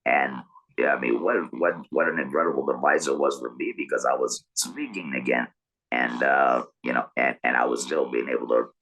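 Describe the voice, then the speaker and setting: A middle-aged man talking through an electrolarynx, with a buzzing mechanical tone and halting speech full of repeated words. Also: extremely low pitch, a bit bright, rough recording. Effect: electrolarynx buzz. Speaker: guest telling his story. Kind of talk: casual interview storytelling.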